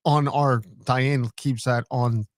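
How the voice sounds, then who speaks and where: A man's voice: medium pitch, fairly even intonation, slow, no room sound, studio quality. An older man co-hosting a podcast, joking wryly in casual chat. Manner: joking, wry. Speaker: podcast co-host.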